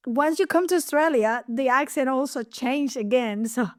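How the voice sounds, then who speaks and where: Woman, Cuban accent, ballet teacher co-host, animated, laughing, dry close recording. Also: high-pitched, moderate pace, no echo. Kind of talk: casual podcast chat.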